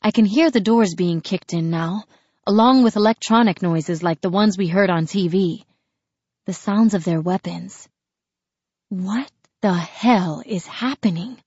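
A woman's voice: medium pitch, a little mellow, no echo. Woman narrator, tense first-person audiobook read, dry close mic, slightly dull lo-fi sound. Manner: tense, dramatic storytelling.

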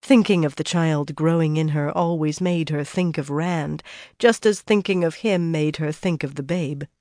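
An audiobook narrator reads a fantasy novel with a measured, even storytelling delivery. The mid-range voice is captured in a dry, studio-quality recording.

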